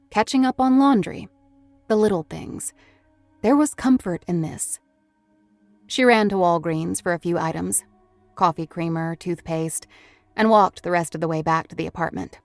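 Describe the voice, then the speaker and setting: A woman narrates an audiobook in a steady, even voice, pitched a little low for a woman. The recording is dry and close, with faint music underneath. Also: creaky, no room sound. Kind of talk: scripted narration.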